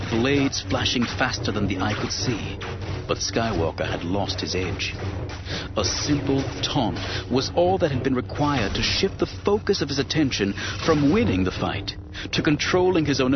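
Man, audiobook narration, dramatic, expressive, slightly muffled, score behind. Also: medium pitch, normal speed. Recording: dull recording with music underneath.

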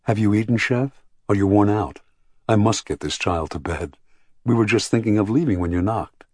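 A man reading an audiobook voices a calm, gentle adult woman who is a tired mother, speaking plainly and practically. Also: fairly low pitch, normal speed, no echo, studio quality, natural voice. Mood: soft.

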